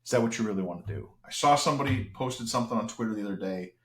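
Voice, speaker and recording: A man's voice: fairly low pitch, lively intonation, racing, a bit bright, roomy sound. A man as an interview guest, talking in an earnest, reflective way with frequent restarts. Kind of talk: casual podcast conversation.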